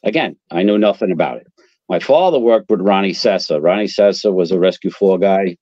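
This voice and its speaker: A man, a guest fire captain telling animated, profane stories and acting out quotes. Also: sits low, brisk, no room sound, lo-fi sound. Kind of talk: casual storytelling.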